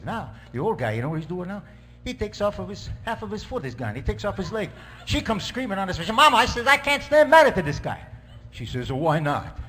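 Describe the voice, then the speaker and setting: Guy doing a goofy italian priest, fake italian accent, broken english, laughs at his own jokes, high lively voice. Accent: put-on Italian. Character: joking middle-aged male Italian priest. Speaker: comedian. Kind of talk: stand-up character sketch.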